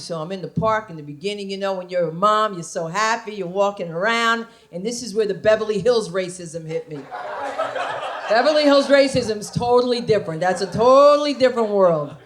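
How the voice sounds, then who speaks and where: Audience laughter fills a comedy club as a brash woman from New Jersey, USA, works through her stand-up set. Her mid-range voice is animated and brisk, carrying stories with acted-out quotes and loud punchlines.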